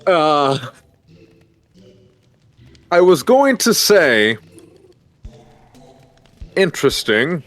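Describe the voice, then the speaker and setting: A man playing a calm, blindfolded roleplay character who asks questions in a slow, thoughtful way. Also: fairly high pitch, exaggerated voice. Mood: puzzled.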